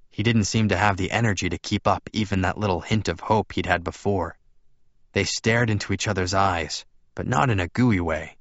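A man narrating an audiobook in a steady first-person storytelling voice. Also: low voice, no echo. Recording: dull, dry lo-fi recording.

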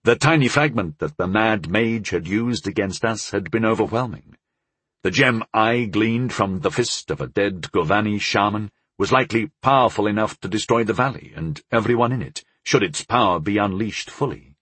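Husky low-voiced man reading a fantasy audiobook, lively delivery, dry close mic. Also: normal speed, no room sound. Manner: expressive storytelling. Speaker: audiobook narrator. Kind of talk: first-person fantasy audiobook narration.

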